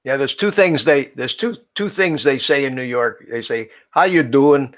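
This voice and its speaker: A man's voice: medium pitch, expressive, normal speed, fairly bright tone. A man co-hosting a live drone chat stream, chatty and laughing often as he greets viewers by name.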